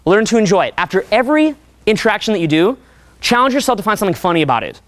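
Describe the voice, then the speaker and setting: A young man coaching a seminar audience in a profane, animated way, often acting out voices. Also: high-pitched, rapid-fire, no room sound, studio quality. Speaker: dating coach. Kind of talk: seminar talk.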